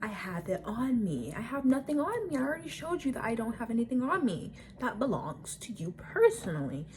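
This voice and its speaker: A young woman vlogger telling a story casually, animated and rambling with lots of fillers and swearing. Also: high-pitched, brisk, slight background noise.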